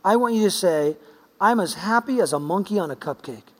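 A man's voice: high voice, expressive, brisk. A man voicing a cheerful middle-aged man who insistently coaches his mother, in a church hall. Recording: long church-hall reverb.

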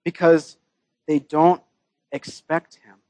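A man's voice: on the high side, level tone, slow pace, dark tone, dry recording. A man preaching a sermon in a casual, joking way, with his own scripture readings mixed in. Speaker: pastor.

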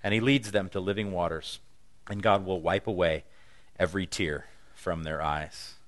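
A man's voice: deep voice, steady tone, moderate pace, a bit bright. A man pastor preaching a conversational, humorous sermon with emphatic stresses.

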